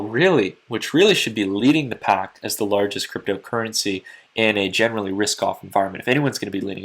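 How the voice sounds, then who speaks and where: A man hosting a crypto market commentary channel, talking quickly and earnestly to his viewers late at night, a little tired. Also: lowish voice. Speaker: crypto market analyst host. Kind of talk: casual market commentary to camera.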